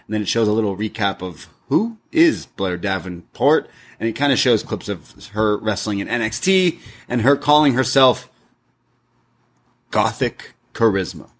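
A man, co-hosting a casual review podcast and retelling scenes with lively acted-out quotes. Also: lowish voice, normal speed. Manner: animated storytelling, acts out quotes. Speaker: podcast co-host.

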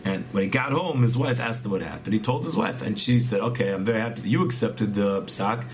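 A man's voice: lowish voice, a little fast, a little hiss or hum. A man earnestly telling a religious story, often repeating words and restarting phrases as he goes. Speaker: storyteller teaching a religious tale.

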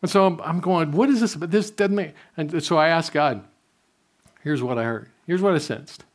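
A man's voice: a little high, normal speed. Older man preaching a story-driven sermon. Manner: conversational storytelling, drops softly when quoting prayers. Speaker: pastor.

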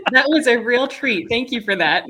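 A woman from the American South co-hosts an interview podcast. She talks in a warm, appreciative way, with a few fillers along the way. Her delivery is casual and conversational. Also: on the high side, slight background noise.

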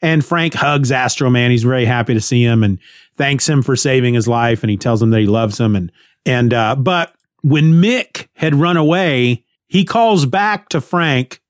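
A man's voice: medium pitch, normal speed, no echo, clean studio sound. A man retelling a comic book story in a casual, rambling way, with frequent restarts and chuckles.

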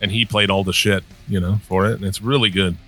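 Low-voiced, crude-talking male podcast host. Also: fairly even intonation, fast, sharp tone, faint music behind. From upper Midwest US. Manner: crude, profane and rambling. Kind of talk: casual chat.

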